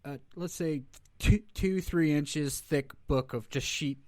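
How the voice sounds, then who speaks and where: A man's voice: a little high, takes it slowly, a little mellow, dry recording, clean studio sound. A man co-hosting a podcast, telling a long story in casual chat and laughing often. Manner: rambling storyteller, laughs a lot. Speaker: podcast co-host.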